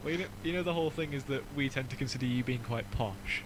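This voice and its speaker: A man's voice: medium pitch, slight background noise, rough recording. A young man with a Northern English accent, hosting a podcast in a rambling, joking chat. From Northern England. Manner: joking, rambling, quick to mock. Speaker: podcast host. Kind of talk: casual chat.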